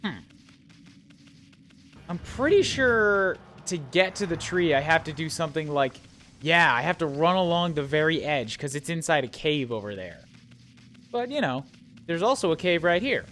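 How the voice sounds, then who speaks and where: A man's voice: fairly high pitch, very animated, normal speed, a bit bright, slight background noise. Chatty male gameplay streamer. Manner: chatty, playful, talks to enemies and chat. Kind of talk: casual gameplay commentary.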